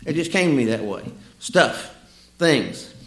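A male preacher who tells humorous, folksy stories from the pulpit. His pitch sits a touch high and swings widely, and his voice rings with a roomy echo. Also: unhurried. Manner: storytelling, humorous, lively asides. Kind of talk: sermon. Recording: echoey room.

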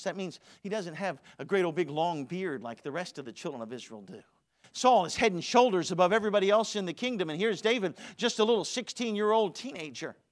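A man preaching a sermon in a church auditorium, swinging from loud declarations to hushed asides. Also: high-pitched.

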